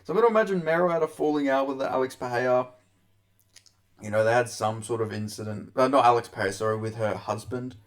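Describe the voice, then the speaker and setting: Hosting a casual MMA commentary vlog, a young man speaks quickly at a medium pitch. He rambles crudely, swears a lot, and laughs often.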